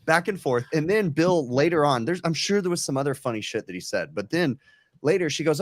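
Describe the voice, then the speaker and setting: A man co-hosting a casual podcast, telling a funny story with lively swings and acted-out quotes, swearing freely. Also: mid-range voice, quick pace, dry recording. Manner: animated, swearing, acts out quoted voices. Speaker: podcast co-host.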